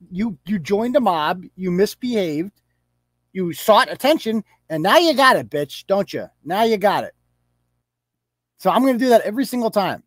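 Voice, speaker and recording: A man's voice: high-pitched, sing-song, normal speed, dry recording. A man hosting a live online show, reading posts off his screen and firing back with sarcastic, profane mockery. He chuckles through his jabs. The sound is dry and close, with no room around it. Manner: reads posts aloud off screen and talks back to them.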